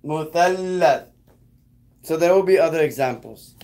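A man's voice: mid-range voice, darkish tone. Patient man teaching word by word. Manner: patient, repeats words slowly for the learner. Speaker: Arabic teacher. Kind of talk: casual one-on-one lesson.

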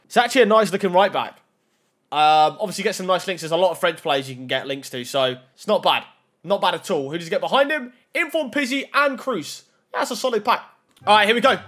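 A young man commentating on opening video game card packs, reacting loudly and excitedly to each card. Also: sits high, breathy edge. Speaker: gaming YouTuber.

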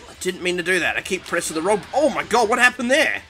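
A young man reacts out loud to every hit of a ranked match, his voice high and very bright. He jumps around in pitch as he panics, groans, and taunts his opponent. Faint game music plays beneath him. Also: big pitch swings, quick pace. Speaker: gaming YouTuber. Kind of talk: live gameplay commentary.

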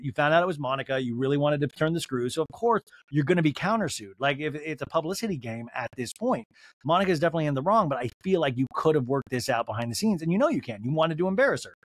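A man hosting a podcast, giving a chatty, profane recap with animated commentary. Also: on the high side, dry recording. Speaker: podcast host.

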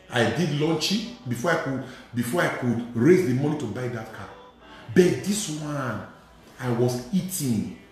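Emphatic preacher in a booming echoey hall. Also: male voice. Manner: emphatic, repeats phrases, acts out dialogue. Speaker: Catholic priest. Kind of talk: preaching sermon with testimony.

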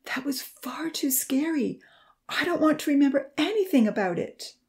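An eager, timid young woman from a storybook , voiced by a woman reader. She sounds keen and gets hushed when she is afraid. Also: high voice, a little fast, voice pushed up. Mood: scared. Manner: excited, then hushed and fearful.

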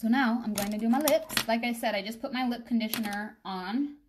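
A woman's voice: on the high side, fairly quick, noisy background. A young woman chatting casually on a live makeup stream, rambling and addressing her viewers directly. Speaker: makeup vlogger.

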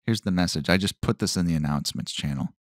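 Male podcast host, low voice, dry close sound, rambling, sarcastic-sounding delivery. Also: quick pace, no echo. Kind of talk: rambling solo podcast talk.

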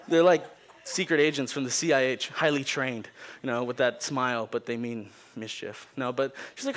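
A man's voice: mid-range voice, moderate pace. A young man preaching a sermon, telling a funny story and acting out the people in it. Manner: animated, jokey, acts out people in the story. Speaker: pastor.

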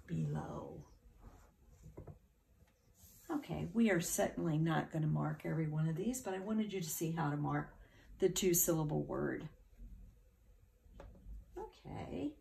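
Middle-aged woman teacher, low gravelly voice, slow and patient phonics delivery for kids. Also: dark tone, slight background noise. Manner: patient, encouraging, spells words out letter by letter. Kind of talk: phonics lesson for children.

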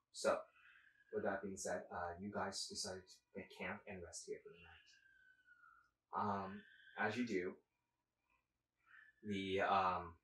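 A man narrating a tabletop game as game master, his voice low and deep. He stops and restarts often, with many fillers. The sound is roomy and distant, like a mic set far away. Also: pushed and bright, slight background noise. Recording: echoey room, distant mic.

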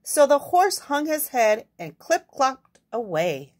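Young woman, picture-book read-aloud, slow and expressive, asides to listeners. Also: sits high. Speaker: storyteller.

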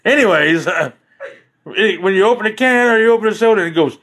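Male live streamer, loose jokey chat, lots of laughter, slightly high pitch. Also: animated, fairly quick, a bit bright. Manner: rambling and jokey, laughing often.

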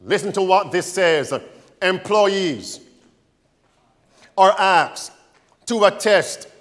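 A man's voice: high voice, very slow, fairly bright tone, long reverb tail. A man preaching a sermon, firing rhetorical questions at his congregation and stressing his points.

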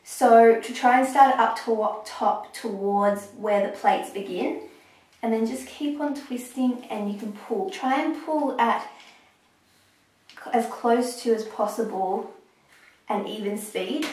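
A young woman talking through a hair tutorial step by step, a little hoarse as she is losing her voice. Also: on the high side, darkish tone, distant mic. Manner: chatty, explaining step by step with pauses. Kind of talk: casual how-to talk while working. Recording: echoey room, voice off-mic.

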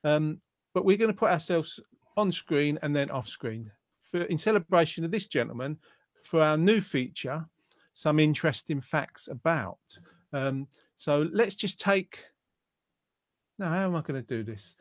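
A man's voice: on the high side, expressive, a little slow, dry recording. A man hosting an online quiz show, reading out viewers' answers and teasing them in a jokey way. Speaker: quiz host.

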